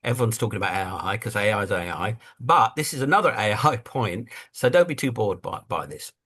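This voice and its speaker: Animated male interview guest. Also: fairly low pitch, fairly quick, slightly rough. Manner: animated storyteller who acts out quotes. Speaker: guest investor and writer. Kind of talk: casual conversational interview.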